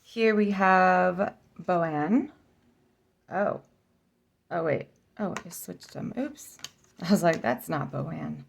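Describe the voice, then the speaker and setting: A woman with a low, heavily gravelly voice hosts a casual flip-through vlog. She talks at an unhurried, slow pace and sounds out each name aloud, correcting herself as she goes, with musing, giggly asides. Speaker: oracle deck reviewer.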